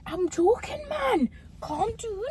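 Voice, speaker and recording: A woman's voice: very high-pitched, big pitch swings, slow pace, a little mellow, slight background noise. Young Geordie woman in a laughing chat. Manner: chatty, laughs often, quotes people in voices. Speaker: host. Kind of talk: casual chat.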